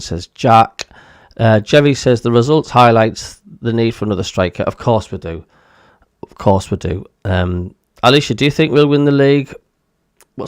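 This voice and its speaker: A man with a Sunderland (Mackem) accent talks in a plain, chatty way, with frequent ums as he reads out viewer comments. His voice is smooth and clear, recorded close and dry with no room sound. He sits at a middle pitch for a man. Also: dry recording. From Northeast England. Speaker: host of a football watchalong stream. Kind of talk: casual live-stream chat reading viewer comments.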